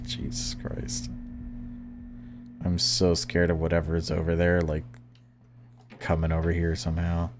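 A man narrating his own horror-game playthrough in casual commentary, low-pitched and often hushed. He sounds jumpy and chatty and swears now and then. A faint background hiss runs under his voice. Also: monotone, moderate pace. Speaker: let's-play gamer.

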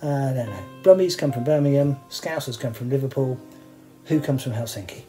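A man's voice: medium pitch, fairly quick, warm tone, soft background music, low-quality recording. A man hosting, telling rambling, wry anecdotes with many asides and fillers. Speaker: host sharing stage rigging anecdotes.

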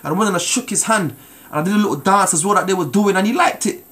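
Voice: mid-range voice, fast talker, a bit bright. Preacher telling a testimony, emphatic, stumbles and repeats words, keeps asking the crowd for amen. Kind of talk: sermon with personal testimony.

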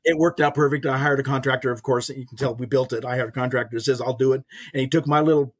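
Rapid-fire and husky, this older man's mid-range voice keeps a fairly even intonation. As a podcast guest he shares his faith testimony earnestly and folksily, performing the quoted voices in his story.

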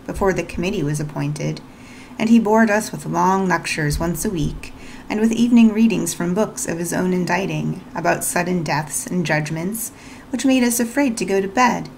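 A woman reading the part of a reserved eighteen-year-old governess who answers plainly and calmly. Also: fairly low pitch, moderate pace, vocal fry, a little hiss or hum, rough recording. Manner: short, plain, composed answers. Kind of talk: read-aloud storybook narration.

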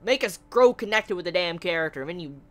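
A woman's voice: lowish voice, expressive, fast, soft background music. A woman reviewing an anime episode in a casual video rant, exasperated, swearing often and stammering over repeated words.

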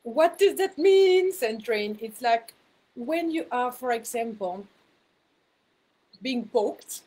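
A woman's voice: fairly high pitch, darkish tone, low-quality recording. A woman speaking as a spiritual mentor, giving a casual talk to her viewers in a chatty way, laughing at herself and repeating words for emphasis.

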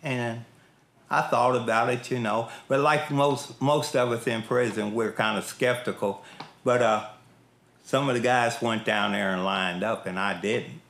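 Middle-aged man, gravelly voice, earnest plain-spoken testimony, prison, echoey room. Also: mid-range voice, steady tone, a little slow, a bit bright. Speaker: prison inmate giving testimony. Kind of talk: personal testimony. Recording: echoey room with faint music.

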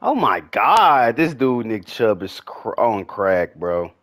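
A young gaming YouTuber commentates live on his own football video game, his lowish voice taking things slowly. He's slangy and repetitive, trash-talking and swearing, often breaking into hyped, excited shouts.

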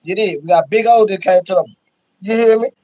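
A man from Dallas, hosting a casual livestream and hyping up his viewers with repeated shout-outs. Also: high voice, fairly quick, no room sound. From Dallas, Texas. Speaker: livestream host. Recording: dull, lo-fi stream audio.

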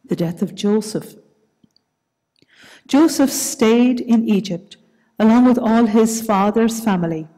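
A woman with a Northern Irish accent leading worship and reading scripture aloud in a church service, slow, measured and soft-spoken. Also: on the high side. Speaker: worship leader. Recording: reverberant church hall.

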